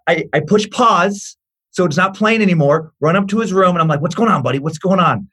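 Animated storytelling man with a higher voice. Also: a little fast, husky. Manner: lively, acts out the voices in his stories, swears freely. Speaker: podcast guest, comedian. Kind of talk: animated storytelling in casual chat.

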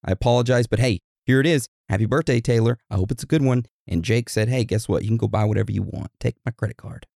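A man's voice: medium pitch, fast, gravelly, hardly any pauses, a little mellow, no echo, clean studio sound. A man co-hosting a podcast in casual chat, laid-back and joking. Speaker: podcast co-host.

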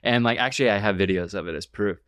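A man's voice: lowish voice, fast, fairly bright tone, smooth, dry recording, clean studio sound. A young man co-hosting a podcast, rambling through a story with lots of fillers and swearing. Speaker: podcast co-host. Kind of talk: casual chat.

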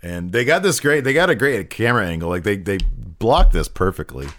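A man's voice: on the low side, big pitch swings, a little fast, a bit bright. A man co-hosting a podcast in casual chat, who laughs easily and jumps into impressions. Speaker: podcast co-host. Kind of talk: casual chat recapping wrestling.

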